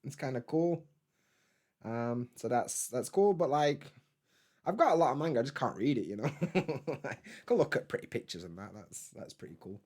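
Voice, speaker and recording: A man's voice: medium pitch, animated, normal speed, a little mellow. A man, hosting a casual live stream from home, rambling in a laid-back way, swearing freely and answering chat.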